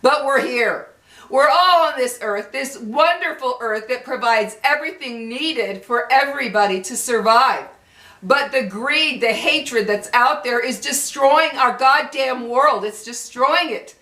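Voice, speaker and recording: A woman's voice: high-pitched, a little slow, sharp tone, roomy sound. An older woman with children and grandchildren, ranting angrily to her viewers, cursing and repeating herself for emphasis. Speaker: vlogger. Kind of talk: angry rant to camera.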